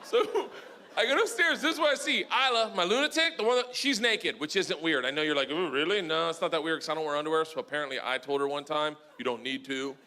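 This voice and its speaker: A middle-aged man doing a stand-up comedy set, telling stories loudly with shouted punchlines. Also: a little high, quick pace. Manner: loud, animated storytelling with shouted punchlines. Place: comedy club stage. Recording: noisy live club recording. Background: audience laughter.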